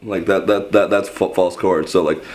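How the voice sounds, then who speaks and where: A man's voice: low-pitched, fairly even intonation, normal speed, darkish tone, slight background noise. A young man casually explaining vocal technique in a rambling, self-deprecating way, often restarting his sentences. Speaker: screaming vocal instructor.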